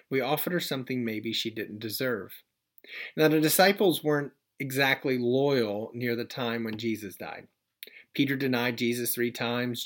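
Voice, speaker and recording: A man in his thirties preaching a sermon as pastor, in a gentle, conversational way with folksy asides. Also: medium pitch.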